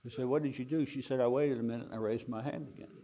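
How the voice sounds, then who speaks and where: A man's voice: medium pitch, very fast. Older man telling a wry story. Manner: wry, animated storyteller acting out dialogue. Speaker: speaker telling a story to an audience. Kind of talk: anecdotal storytelling talk.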